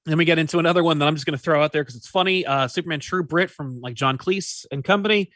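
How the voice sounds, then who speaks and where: Man, co-host, casual comics chat, bright voice, jokey asides. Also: fairly high pitch, fast talker, no echo, studio quality. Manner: animated, jokey, trails off into asides.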